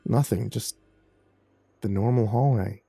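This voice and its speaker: A man narrating a first-person horror story in a measured, tense way. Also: fairly low pitch, creaky, mellow, husky, faint music behind.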